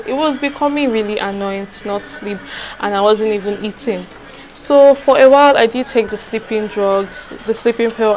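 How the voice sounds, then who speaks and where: A young woman chats to her viewers in a loose storytime vlog, circling back over her words and asking if they understand. Her voice sits a little high for a woman. A faint hiss of background noise runs under the recording. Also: rough recording. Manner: rambling, confiding, repeats herself, asks "do you understand?". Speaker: vlogger. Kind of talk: casual storytime chat.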